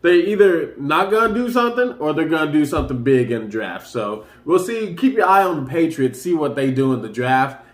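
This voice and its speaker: An excitable man talks sports in a loose, rambling way, his slightly raised voice bouncing around a roomy, echoey space. He is casual and keeps getting fired up. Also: fairly high pitch, a little fast. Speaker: sports commentary host.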